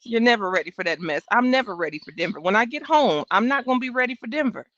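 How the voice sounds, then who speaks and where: A woman's voice: a little high, animated, quick pace, fairly bright tone, dry recording. Blunt, sassy woman streaming trial commentary. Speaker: livestream trial-watch host. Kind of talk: casual live commentary. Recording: dull, dry home stream audio.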